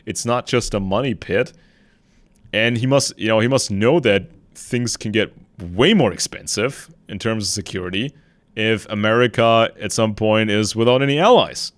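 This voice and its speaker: A man's voice: on the low side, normal speed, no room sound. A man hosting a podcast, casually retelling a debate and commenting on it. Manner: conversational, retells a debate with quotes and asides. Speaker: podcast host.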